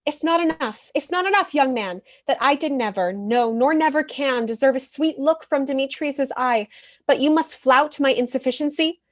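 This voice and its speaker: A woman's voice: sits high, normal speed, natural voice. A woman playing the lovelorn young Helena, speaking verse with pleading emphasis in a community theatre reading.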